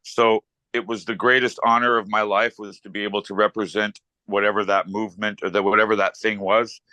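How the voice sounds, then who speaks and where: A man's voice: on the low side, flat delivery, brisk, sharp tone, no echo, poor audio. A middle-aged man, a rock musician as interview guest, speaking earnestly and reflectively in long thoughtful sentences. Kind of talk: interview conversation.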